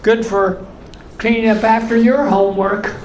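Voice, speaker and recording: A man in his eighties doing stand-up in a comedy club, telling deadpan one-liners in a voice left high by voice surgery. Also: normal speed. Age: 80s. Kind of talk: stand-up routine. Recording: echoey club with room noise.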